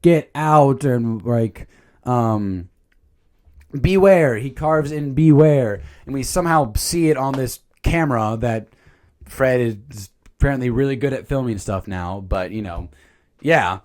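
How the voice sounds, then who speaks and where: A man casually rambling through a cartoon movie review, animated, with filler words and mild swearing. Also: mid-range voice, unhurried. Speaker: channel host.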